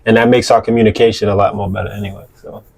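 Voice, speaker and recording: A young man chatting with his partner as co-host, speaking in an easygoing, halting way with many fillers. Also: lowish voice, flat delivery, creaky, darkish tone. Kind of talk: casual couple's chat.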